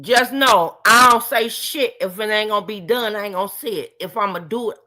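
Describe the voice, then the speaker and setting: A woman's voice: mid-range voice, brisk, bright, forceful tone. A woman co-hosting a heated stream chat, slangy and emphatic, with slightly slurred speech.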